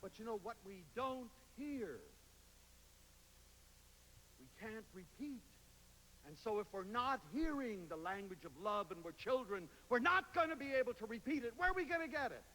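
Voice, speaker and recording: A man giving a lively lecture to an audience, telling stories and slipping into playful voices when he quotes people. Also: very high-pitched, normal speed. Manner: animated storyteller, quotes others in playful voices. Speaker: public speaker. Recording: hall reverb, faint hiss.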